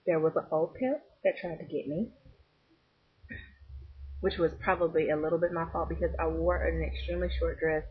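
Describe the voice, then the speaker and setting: A young woman rambles through a late-night story, giggling as she goes. Her voice is breathy and a bit husky. The audio is thin and phone-like. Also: lowish voice. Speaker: vlogger.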